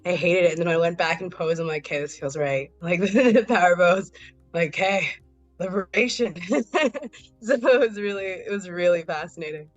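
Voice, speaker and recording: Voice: medium pitch, moderate pace, no room sound. A participant animatedly sharing a personal reaction on a group video call. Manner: animated, laughing between phrases. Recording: dull lo-fi call audio with faint music.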